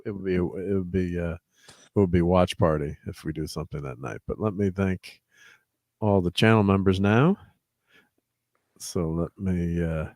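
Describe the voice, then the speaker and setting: Low-voiced man hosting a casual stream. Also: dry recording, clean studio sound. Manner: relaxed, rambling thank-yous with fillers. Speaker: host. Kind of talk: casual livestream chat.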